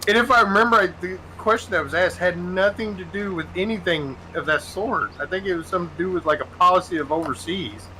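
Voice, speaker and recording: A man hosting a gaming stream, chatting casually while he plays. He tells stories in an animated way, laughs often and swears freely. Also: high-pitched, fast talker, hardly any pauses, a little hiss or hum, low-quality recording. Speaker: gaming channel host.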